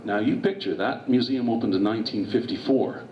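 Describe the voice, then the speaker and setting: A man's voice: fairly low pitch, fairly quick. A guest author gives a storytelling history lecture in a meeting hall, with digressive asides. He is heard from a distance, with a roomy echo around his voice. The recording sounds dull and muffled, with faint noise underneath.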